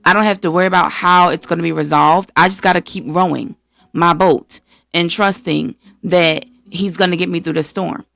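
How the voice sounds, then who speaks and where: An American woman from the East Coast hosting a podcast, giving an energetic, preachy faith-based motivational talk and acting out voices of the people she quotes. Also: fairly low pitch, normal speed, vocal fry, dry recording. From East Coast of the United States. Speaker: podcast host.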